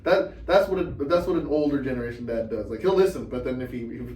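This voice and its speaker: This young man's mid-range voice moves fast as he tells family stories on a podcast, lively and voicing his family members' lines. Picked up from a distance in an echoey room, the audio carries a bit of hiss or hum.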